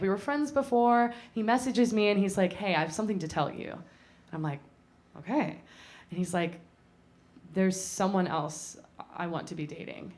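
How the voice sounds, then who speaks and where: Young woman from North Carolina, live comedic storyteller on a small stage; chatty, self-mocking, mid-range voice. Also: medium pitch. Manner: chatty and self-mocking, laughing at her own jokes. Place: small theater stage before a live audience.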